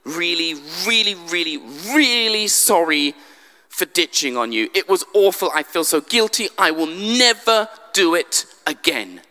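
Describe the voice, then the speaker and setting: A man's voice: high-pitched, very animated, measured pace, sharp tone, big-room sound, full character voice. A man voicing a remorseful, eager apostle who pleads and repeats himself.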